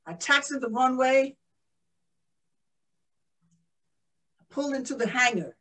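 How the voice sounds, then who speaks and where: A woman's voice: high voice, animated, moderate pace, a bit bright, recorded from a distance, poor audio. A woman playing a proud, emotional young woman aviator in a first-person living-history monologue. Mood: calm. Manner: exclaiming, breathless with joy. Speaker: historical portrayal performer.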